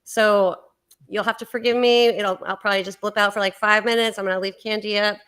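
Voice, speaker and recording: A woman hosting a live-stream talk, chatty and excited, with many fillers. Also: mid-range voice, fairly quick, clear, resonant tone. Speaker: host. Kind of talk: casual live-stream chat.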